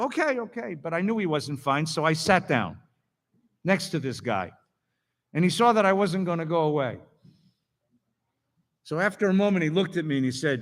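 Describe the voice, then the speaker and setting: A man's voice: fairly high pitch, sing-song, moderate pace, pauses often. A male rabbi telling a story in a sermon and leading his congregation in a synagogue sanctuary, with a long echo around him. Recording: long reverb of a large hall.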